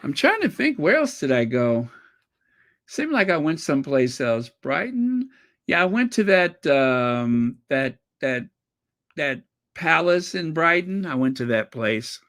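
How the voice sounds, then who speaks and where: An American man with an African American accent, chatting casually and rambling excitedly while pausing to recall details. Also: on the high side. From United States. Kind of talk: casual chat.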